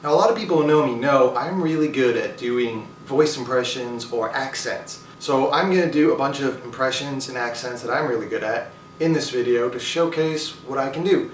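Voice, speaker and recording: A man's voice: medium pitch, normal speed. A man from Canada talking to his viewers in a chatty, playful, self-deprecating vlog. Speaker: vlogger. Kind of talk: casual accent showcase. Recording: roomy, distant mic, faint noise.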